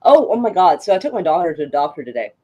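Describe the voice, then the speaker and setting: A woman's voice: fairly low pitch, very animated, rapid-fire, mellow, dull audio. A middle-aged woman streamer in casual chat, telling stories with frequent laughter and swearing. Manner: chatty storyteller, laughs often, swears.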